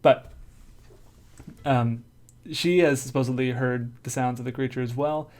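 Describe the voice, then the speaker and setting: A man's voice: medium pitch, fairly even intonation, unhurried, darkish tone. A man co-hosting a casual podcast, reading out notes and joking with his co-host, laughing often. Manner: laughs often, reads source notes aloud between jokes. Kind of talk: casual chat.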